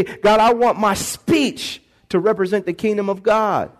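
A man pastor preaching a lively sermon in a church, acting out voices and calling for responses from the congregation. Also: high voice, measured pace. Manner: animated preaching, acts out voices, call-and-response.

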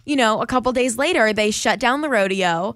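A woman's voice: fairly high pitch, expressive, a little fast, a bit bright, no echo, clean studio sound. A young woman co-hosting a podcast in casual chat, upbeat and chatty. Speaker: podcast co-host.

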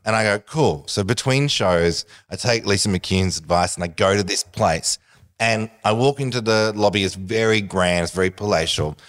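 A man's voice: on the low side, normal speed. A middle-aged man, a guest, telling a funny story with lots of laughs and acted-out voices. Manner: animated storyteller, acts out voices, laughs often. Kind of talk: casual anecdote telling.

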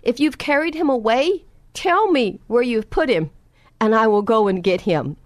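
A woman preacher voicing a grieving young woman at a tomb, pleading and tearful, pitched a bit above her own voice. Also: lively intonation, moderate pace, no room sound, close to an everyday voice.

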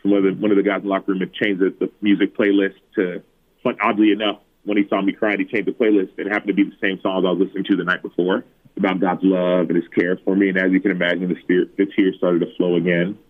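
A man in his thirties, a former football player, tells personal stories in an interview, acting out quoted lines in a higher voice. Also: little pitch movement, fast. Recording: tinny phone-like remote line.

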